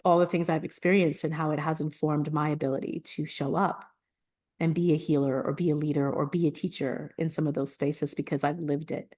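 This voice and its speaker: A woman with a low-pitched voice talks on a podcast in a relaxed, personal way. She is animated and earnest, and she laughs often as she tells her stories. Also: fairly quick. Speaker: podcast co-host. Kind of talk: casual conversational podcast chat.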